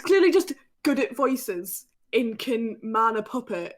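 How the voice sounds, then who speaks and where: Woman, young, podcast host, higher-pitched voice, crude joking, casual chat. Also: very animated, unhurried. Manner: crude, joking, swears freely.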